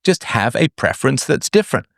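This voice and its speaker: A middle-aged man holds forth as host of a live call-in show, his pitch swinging widely as he acts out the people he quotes. The sound is close and dry, with no room around him. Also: brisk, gravelly, dry recording. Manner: animated, acts out quoted voices, sings snatches. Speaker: podcast host. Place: online audio space.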